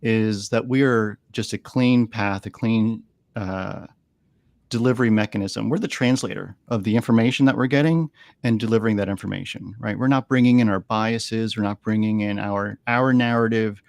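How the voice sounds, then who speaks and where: This man's voice is lowish, gravelly and darkish, with fairly even intonation and a moderate pace, recorded without room sound. He's a guest in a podcast studio, an animal communicator sharing stories earnestly and repeating words as he collects his thoughts.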